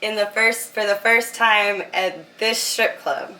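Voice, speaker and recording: A young woman from Utah telling her story as a guest in a casual interview, animated and laughing often, with lots of filler words. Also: medium pitch, takes it slowly, roomy sound, distant mic, slight background noise, low-quality recording.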